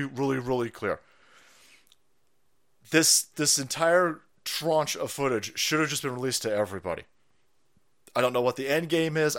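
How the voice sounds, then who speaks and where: A man hosting a profane, sarcastic political rant show, breaking into loud mock outrage. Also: mid-range voice. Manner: foul-mouthed, sarcastic, shouting in mock outrage. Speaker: political commentary host.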